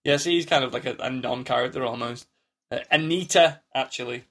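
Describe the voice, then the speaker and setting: A man's voice: medium pitch, a little fast, a bit bright. This is a man with an ordinary mid-range voice talking casually on a podcast. He rambles and restarts a lot, and he slips into little acted-out quotes while he recaps. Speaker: podcast co-host. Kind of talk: casual chat.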